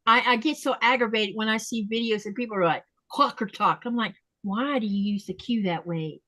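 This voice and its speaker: A woman hosting a casual podcast chat, talking easily and slowing down to spell out how words are said. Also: medium pitch, a bit bright, dry recording. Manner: chatty, explains pronunciation slowly and repeats words. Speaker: podcast host.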